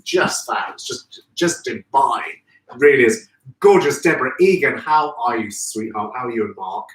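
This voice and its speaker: A man's voice: mid-range voice, lively intonation, normal speed. A man hosting a live stream, chatty and effusive, greeting viewers by name. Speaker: host of a live florist show. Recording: echoey room, distant from mic.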